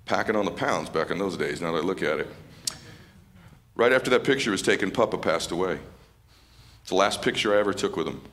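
A middle-aged man giving an emotional stage speech as a motivational speaker, casual and slangy, dropping to a hushed voice in tender moments. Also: deep voice, expressive, brisk, long pauses. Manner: casual and slangy, calling people dude and man. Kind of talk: emotional speech to a live audience. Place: stage at a live event.

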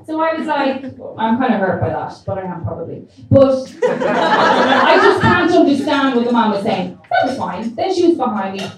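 Animated woman in an echoey pub. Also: high-pitched, normal speed. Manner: laughing, swearing, animated storyteller. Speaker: podcast co-host. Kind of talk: casual storytelling chat. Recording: echoey room, distant mic, background noise.

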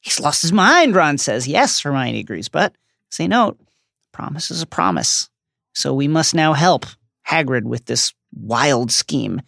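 A man's voice: medium pitch, sing-song, measured pace, creaky, a bit bright, no echo, clean studio sound. A man co-hosting a podcast, narrating a scripted recap with reflective commentary and wry humor. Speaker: podcast co-host.

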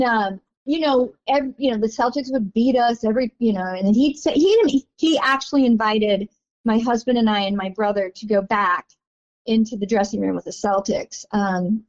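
An older woman tells stories in a chatty, rambling way, leaning on "you know" as she talks. Her voice sits a little high for a woman. The audio is dull and lo-fi. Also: normal speed. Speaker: interview guest, longtime season ticket holder. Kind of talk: casual storytelling interview.

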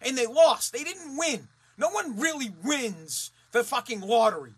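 Angry, swearing man with a husky voice. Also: very high-pitched, animated, unhurried. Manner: heated, swearing, repeats himself, rises to shouting. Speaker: ranting commentator. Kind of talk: profane angry rant.

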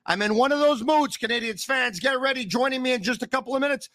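A man hosting a sports podcast, talking with animated, theatrical energy and reading sponsor spots. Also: extremely high pitch, quick pace, dry recording. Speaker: podcast host. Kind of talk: energetic sports talk and live ad reads.

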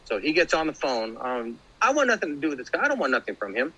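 A man's voice: very animated, fast, pushed and bright, slightly rough, rough recording. A man in his thirties casually telling a personal story, rambling and swearing, with many fillers and restarts. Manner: acts out quoted voices with big pitch jumps.

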